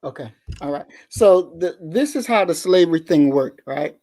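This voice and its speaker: A man's voice: on the high side, animated, moderate pace, dark tone. A man speaking as a guest on an online talk radio show, making an emphatic, lecturing argument and often repeating words as he builds his point.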